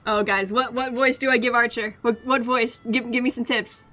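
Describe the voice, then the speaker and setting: A woman's voice: a little high, steady tone, normal speed, sharp tone, faint music behind. Giggly, chatty woman streamer. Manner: chatty, giggly, self-deprecating. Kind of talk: casual gaming stream chat.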